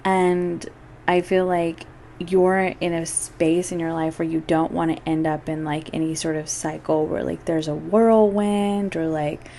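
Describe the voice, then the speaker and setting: Casting: woman tarot reader, easygoing chatty delivery, slow unhurried pace, faint ambient hum. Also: low-pitched, little pitch movement, gravelly, mellow. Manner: chatty, filler-heavy, addresses the listener directly. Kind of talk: casual monthly tarot reading.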